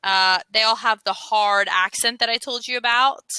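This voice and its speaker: American woman, online tutor, very bright voice, high-ish, dry close sound, chatty. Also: steady tone, moderate pace, smooth, no room sound, rough recording. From United States. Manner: chatty, laughs often, gives suggestions. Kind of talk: casual conversation lesson.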